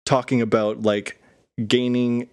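A man's voice: mid-range voice, flat delivery, slow, a little mellow, clean tone. A man co-hosting a podcast, casually breaking down a song's chords and parts with many fillers. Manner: analytical, many fillers, talks music theory. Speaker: podcast co-host. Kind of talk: casual music discussion.

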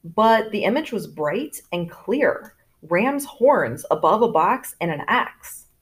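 A woman narrating a story with animated, swooping intonation that rises and falls through every sentence. Her voice sits at an ordinary middle pitch, and her delivery is expressive, as if she is voicing characters in turn. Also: slow. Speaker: audiobook narrator.

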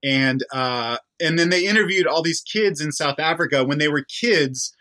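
A man chatting on a podcast, excitable, laughing often and swearing a lot. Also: a little high, normal speed. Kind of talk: casual chat.

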